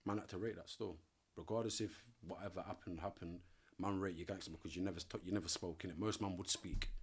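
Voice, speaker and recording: A man from Nottingham, a podcast guest telling animated stories in heavy street slang and acting out what others said. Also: low-pitched, fast, breathy edge. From Nottingham, England. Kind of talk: casual storytelling in an interview.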